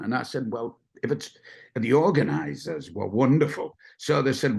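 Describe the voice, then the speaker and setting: A man's voice: mid-range voice, lively intonation, normal speed. An older man, a guest telling rambling, self-deprecating racing stories in casual chat. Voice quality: gravelly.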